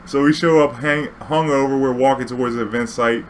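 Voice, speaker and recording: Speaking at a brisk clip in a steady, medium-pitched voice, a young vlog host tells a casual story packed with slang, fillers, and profanity in a laid-back way. There's a little hiss or hum in the background.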